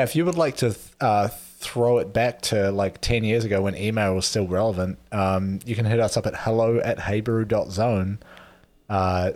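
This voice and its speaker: A man's voice: on the low side, darkish tone. A man co-hosting a podcast, giving dry, laid-back plugs and asides. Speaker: podcast co-host. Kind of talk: casual podcast banter.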